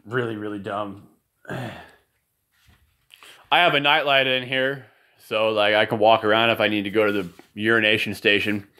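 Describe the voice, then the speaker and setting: A man's voice: lowish voice, steady tone, normal speed, long pauses, bright, forceful tone. A man talking casually to the camera at home, rambling from thought to thought and often apologizing. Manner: profane and ranting at times. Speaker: father filming a video message. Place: indoors at home, in a room with a nightlight.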